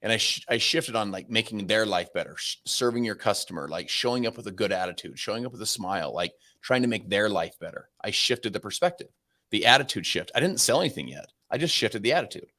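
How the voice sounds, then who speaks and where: Fast-talking, low-voiced man telling stories. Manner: fast-talking, energetic, many restarts. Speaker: podcast guest. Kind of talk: conversational storytelling.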